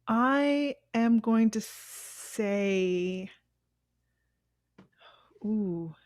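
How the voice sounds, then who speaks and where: A woman's voice: medium pitch, expressive, very slow, dry recording, studio quality. Easygoing woman co-host thinking aloud. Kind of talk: casual chat.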